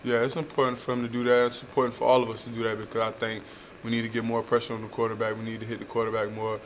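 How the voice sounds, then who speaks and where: At a press conference, a young college football player responds to reporters haltingly, in a flat delivery full of "uh" fillers. He is a young adult with a mid-range voice, and there is slight background noise.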